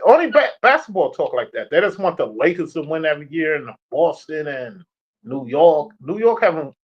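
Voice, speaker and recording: Animated, trash-talking man on lo-fi audio. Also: on the high side. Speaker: sports streamer. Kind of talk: casual sports rant. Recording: dull lo-fi stream audio.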